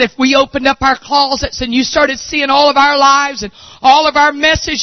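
Preacher guy, really high bright voice, gets loud and fired up, dry close sound. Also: no room sound, lo-fi sound. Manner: storytelling, rising to impassioned shouting. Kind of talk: sermon.

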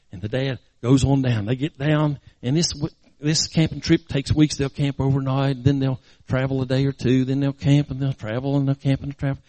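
A man's voice: mid-range voice, mellow, no room sound. A man preaching, telling a story dramatically with emphatic, repeated phrases. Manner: emphatic, repetitive, dramatic narration. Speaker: pastor. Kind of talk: sermon storytelling.

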